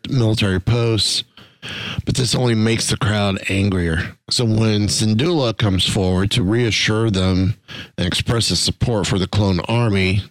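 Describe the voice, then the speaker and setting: A man hosting a podcast, recapping an episode in a casual, halting way with many restarts. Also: fairly low pitch, dry recording. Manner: halting, restarts words, fillers.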